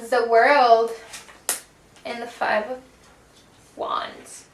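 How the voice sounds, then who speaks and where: A woman's voice: on the high side, measured pace, gravelly. A woman giving a casual pick-a-card tarot reading, chatty and slangy, swearing and calling the listener baby. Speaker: tarot reader. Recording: echoey room, distant mic, faint noise.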